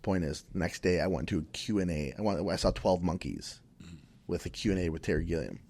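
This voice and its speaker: A man from Minnesota with a low, deep voice tells a story on a podcast. He talks casually and loosely, doubling back, restarting sentences and filling gaps with ums. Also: fairly quick, darkish tone. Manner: rambling, many restarts and fillers. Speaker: podcast guest.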